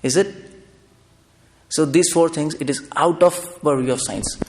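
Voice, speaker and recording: A man's voice: a little high, a little slow, a little mellow. A man giving a public lecture. He speaks emphatically and keeps asking the audience rhetorical questions. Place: lecture hall. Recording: live talk in a reverberant hall.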